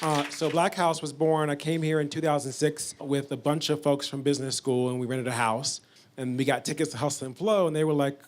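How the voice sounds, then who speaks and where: A man with a somewhat higher voice tells a story on a panel, in a loose and chatty style. He speaks as the chairman of a foundation. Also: fairly even intonation, brisk, a little hiss or hum. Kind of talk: panel talk.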